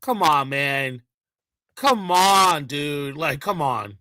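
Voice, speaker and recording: A man's voice: fairly high pitch, lively intonation, very slow, sharp tone, dry recording, low-quality recording. A man ranting in a heated, profane reaction commentary, full of mocking and sarcastic asides.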